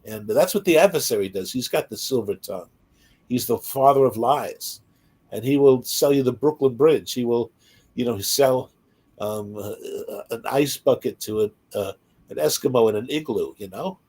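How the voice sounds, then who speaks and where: A man's voice: medium pitch, moderate pace, darkish tone, husky. A man talking casually in a Bible study discussion, with many fillers and asides.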